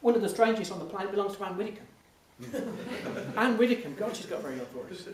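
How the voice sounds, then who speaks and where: Impressionist guy chatting at a q&a, very bouncy lively voice, echoey hall, a bit far from the mic. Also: sits high, fast talker. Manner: animated, lively storytelling with frequent restarts and laughs. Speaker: impressionist speaking as guest. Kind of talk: audience Q&A anecdotes. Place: large hall before an audience. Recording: echoey hall, mic from a distance, faint noise.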